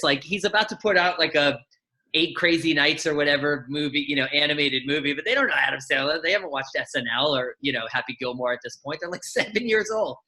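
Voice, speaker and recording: A middle-aged man, an actor and former kids' show host, chatting on a video call and telling lively stories with acted-out voices. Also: a little high. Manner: animated storyteller, acts out voices and shouts. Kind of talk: casual chat, storytelling.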